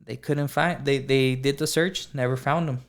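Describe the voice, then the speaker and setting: A man's voice: mid-range voice, moderate pace. Man casually telling a story. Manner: animated, acts out dialogue, many fillers like "like". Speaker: podcast co-host.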